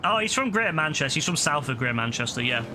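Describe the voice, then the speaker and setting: A man's voice: fairly high pitch, very animated, quick pace. A young man with a southern English accent, chatting loosely with viewers as a gaming streamer, full of fillers and restarts. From southern England. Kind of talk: casual chat answering viewers while playing. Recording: loud game noise and engine sounds underneath. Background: video game audio with vehicles.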